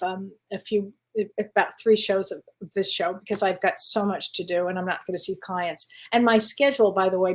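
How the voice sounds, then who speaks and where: A middle-aged woman hosting a live psychic Q&A, talking in a chatty, reassuring way with fillers, restarts and frequent laughs. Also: mid-range voice. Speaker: psychic host answering viewer questions. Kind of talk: live-stream Q&A chat.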